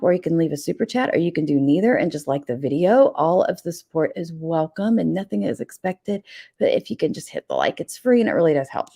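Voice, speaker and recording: A woman's voice: fairly low pitch, creaky, mellow. A woman hosting a casual livestream, chatty and rambling, greeting viewers by name. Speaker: livestream host. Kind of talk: casual chat.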